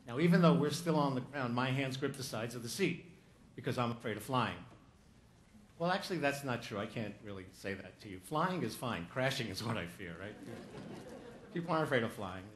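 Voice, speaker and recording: A man's voice: medium pitch, expressive, brisk, slight background noise. A man giving a humorous keynote talk on stage, telling a story with jokes and acting out what people said. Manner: storytelling with jokes, acts out quotes. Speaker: motivational speaker.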